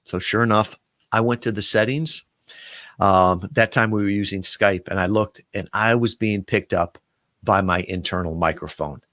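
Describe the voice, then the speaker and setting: A man who runs a podcast guest agency, telling a story and giving casual advice with lively, filler-filled delivery. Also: lowish voice, normal speed, no echo, studio quality. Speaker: podcast booking agency owner.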